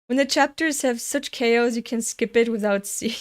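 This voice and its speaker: A woman from Europe hosting a casual comic reaction, excitable and prone to giggling fits. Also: a little high, normal speed. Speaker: manga reaction host.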